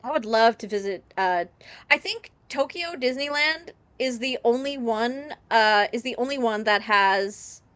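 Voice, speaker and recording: Woman streamer, casual giggly commentary, high-ish, dry close sound. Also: lively intonation, measured pace, fairly bright tone, clean tone, dry recording. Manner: rambling, giggly, chatty tangents. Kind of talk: casual live gameplay commentary.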